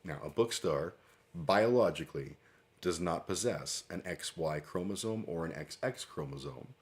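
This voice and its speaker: A man's voice: low voice, animated, normal speed. A middle-aged man hosting a livestream, telling a rambling story with lots of fillers and casual swearing. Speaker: livestream host. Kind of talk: casual monologue.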